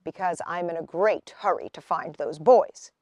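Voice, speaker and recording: A woman voicing a kind, polite male squirrel in a storybook read-aloud, speaking gently and quietly. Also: fairly low pitch, moderate pace, no echo, studio quality, voice pushed down, lightly acted. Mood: gentle. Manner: polite, quiet and warm-spoken.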